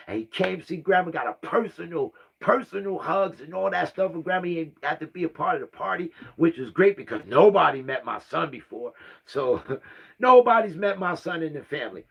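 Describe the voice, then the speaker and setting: Man in his fifties, slightly high voice, emotional personal storytelling, rambling, repetitive, sighs. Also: lively intonation, brisk, creaky, a bit bright, husky. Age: 50s. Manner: rambling and repetitive, often asks "right?" and sighs. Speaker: vlogger.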